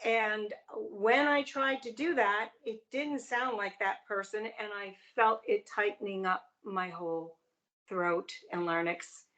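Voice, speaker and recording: A woman's voice: medium pitch, takes it slowly, fairly bright tone. A woman who studies voice, answering questions thoughtfully with hesitant starts. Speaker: voice student. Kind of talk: conversational interview.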